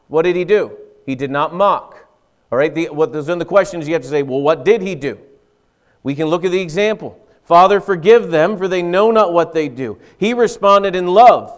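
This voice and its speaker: A male pastor delivers a verse-by-verse sermon in a loose, conversational way. He keeps throwing rhetorical questions at the congregation and slips into short acted-out asides. His voice sits a bit higher than most men's.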